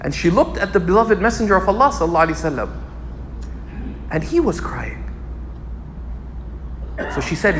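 A man teaching a religious lecture, expressive and repeating key phrases for emphasis. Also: high-pitched, fairly quick, long pauses, in a large hall, a little hiss or hum. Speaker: Islamic scholar teaching. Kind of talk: lecture sermon.

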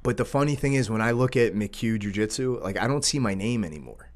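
A man who runs a jiu-jitsu school, hosting a casual podcast chat in an animated, loose way. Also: lowish voice, brisk. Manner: animated, frequent 'dude' and 'like'.

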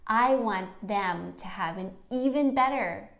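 A woman's voice: medium pitch, measured pace, vocal fry, a bit bright. A middle-aged woman co-hosting a podcast, encouraging and affirming as she talks about marriage. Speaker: podcast co-host. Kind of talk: casual chat. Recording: echoey room.

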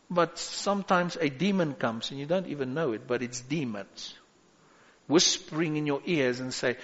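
Male pastor, sermon delivery, slow and deliberate, lo-fi hall recording. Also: a little high, expressive, fairly bright tone. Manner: preaching with rising exhortations and call-outs. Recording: echoey hall, dull lo-fi sound.

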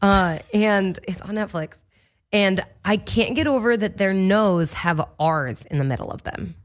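A woman's voice: medium pitch, measured pace. A young woman, an actor and voice-over artist, chatting casually as a podcast guest in a bubbly way, full of "like". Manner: chatty, bubbly, heavy use of "like". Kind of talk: casual chat.

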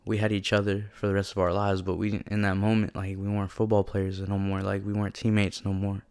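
A man's voice: lowish voice, completely flat delivery, fairly quick, a little mellow, clear, resonant tone. A young man telling a personal story in a casual, slangy and earnest way, often saying "like". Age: young adult. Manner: casual and slangy, heavy use of "like", earnest and emotional. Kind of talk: personal reflective monologue.

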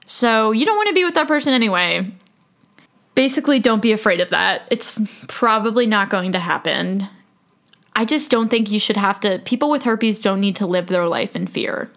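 A woman's voice: mid-range voice, animated, moderate pace, fairly bright tone. A woman in her twenties hosting a solo podcast, talking frankly and casually, joking and laughing often. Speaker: podcast host.

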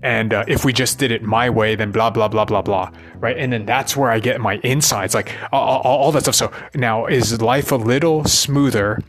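A man of ordinary pitch rants at length in a loose, wandering monologue, swearing freely and asking for agreement after every few thoughts. Soft music plays quietly behind him. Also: normal speed, few pauses. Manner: profane, ranting, keeps asking "right?". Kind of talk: rambling monologue.

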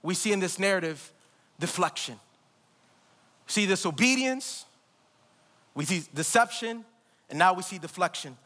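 A man's voice: sits high, lively intonation, normal speed, pauses often, bright, forceful tone. A man preaching a live church sermon, emphatic and repetitive, calling out to the congregation. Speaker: pastor. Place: church sanctuary. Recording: long hall reverb.

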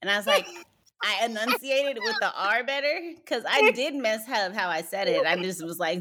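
Giggly woman with a lively bright voice. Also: on the high side, normal speed. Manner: giggly, laughs often. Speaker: podcast co-host. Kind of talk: casual chat.

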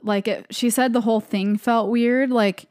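A woman's voice: a little high, fairly even intonation, normal speed, darkish tone, no echo, clean studio sound. A young woman co-hosting a podcast, casually retelling creepy stories with lots of "like" fillers. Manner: rambling with frequent "like" fillers. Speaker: podcast co-host. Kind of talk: casual storytelling chat.

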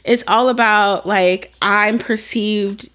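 A young adult woman co-hosting a podcast in casual chat, candid and animated, swearing freely and acting out quotes. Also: mid-range voice, slow, a little hiss or hum. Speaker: podcast co-host.

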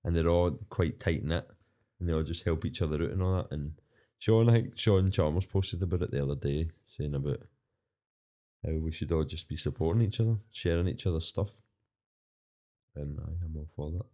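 A man's voice: rumbling low, fairly quick, dark tone. A young Scottish man, a comedian guest, chatting candidly and swearing freely on a podcast. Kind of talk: casual podcast chat.

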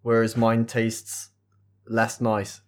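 A man co-hosting a podcast, chatting casually with quick, joking asides. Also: lowish voice, monotone. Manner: quick-witted, laughing asides. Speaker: podcast co-host. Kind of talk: casual chat.

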